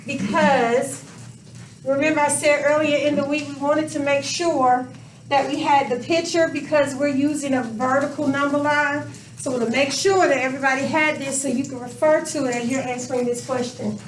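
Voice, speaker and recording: A woman with a high, steady voice teaches a math class at a moderate pace, quizzing her students and drawing out words for emphasis. It's recorded by a camera across the room, so the classroom sounds echoey and distant, with a little hiss or hum.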